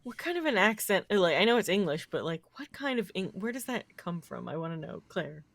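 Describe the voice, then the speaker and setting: A woman chatting on a podcast, soft-spoken and enthusiastic, giggling often. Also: lowish voice, very animated, brisk, vocal fry, no echo. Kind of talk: casual chat.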